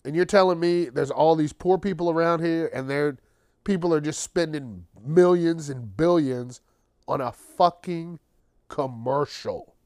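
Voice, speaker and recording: A man's voice: on the high side, unhurried, a little mellow, clear, resonant tone, dry recording, studio quality. A man hosting his own podcast, ranting casually and sarcastically with plenty of swearing, tired late at night. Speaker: podcast host. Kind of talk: casual solo monologue.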